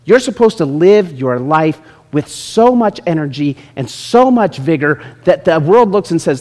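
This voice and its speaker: Animated male preacher in a reverberant hall. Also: fairly high pitch, measured pace, hardly any pauses. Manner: lively, jokes with congregation members by name. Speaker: pastor. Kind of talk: sermon. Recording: long reverb in a large hall.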